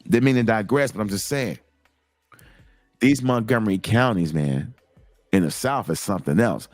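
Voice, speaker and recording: A middle-aged man hosting a show, telling a personal story in a casual, animated, digressive way. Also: lowish voice, moderate pace, no room sound, soft background music. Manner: animated, digressive, lots of repeated starts. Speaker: host.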